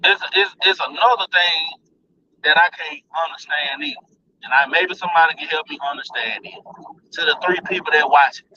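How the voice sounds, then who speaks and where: A man's voice: on the high side, sharp tone, far from the mic, lo-fi sound, slight background noise. A man ranting bluntly and profanely to his viewers in a casual vlog. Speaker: vlogger.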